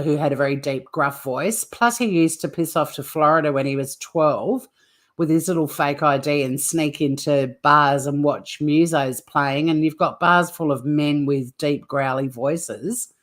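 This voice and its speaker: A woman's voice: sits low, measured pace. A woman hosting a livestream, rambling in casual chat with viewers and swearing freely. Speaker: livestream host.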